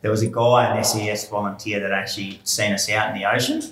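A man's voice: lowish voice, fast. Man telling a rescue story. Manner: relaxed anecdotal storytelling with fillers. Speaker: ocean swimmer guest. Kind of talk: casual chat, storytelling. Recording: roomy echo with faint background ambience.

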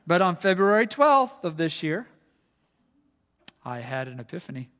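A middle-aged man preaching a casual, humorous sermon as pastor, chatty and self-deprecating with halting restarts. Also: a little high, sing-song, a bit bright. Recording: long reverb of a church hall.

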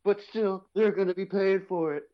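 A man's voice: sits high, steady tone, normal speed, highs cut off, voice pushed up, lightly acted. A man doing an impression of a blustering male politician, boastful and whiny.

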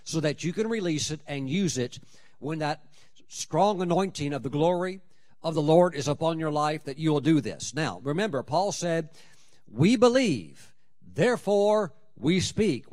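A man preaching a sermon, stressing key words and slowing down to drive points home. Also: a little high, a little mellow.

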